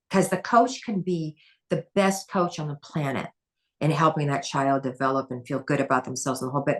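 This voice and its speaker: A woman's voice: low-pitched, a bit bright. A woman who is a former head gymnastics coach, talking passionately and emphatically as a podcast guest. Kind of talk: podcast conversation.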